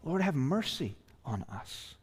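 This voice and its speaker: A man's voice: on the high side, big pitch swings, slow, husky. A male pastor preaching a sermon, earnest and emphatic, tired and often asking "right?". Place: church sanctuary. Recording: long reverb of a church hall.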